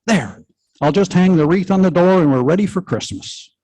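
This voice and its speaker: A man reading aloud plays an excitable older husband, cheery and fond of Christmas, whose talk jumps up high and lively. The voice is raised and eager, with a mellow, warm tone underneath, heard in a live storytelling reading. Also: moderate pace, low-quality recording. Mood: pleased. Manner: folksy dialect, exclaiming.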